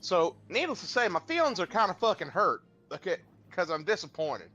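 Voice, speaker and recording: A man streams a game and chats with friends over voice chat. His voice sits a bit high and sounds bright and crisp. He swings his pitch around a lot and swears casually as he tells his stories. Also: brisk, muffled recording, soft background music. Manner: profane, animated storyteller.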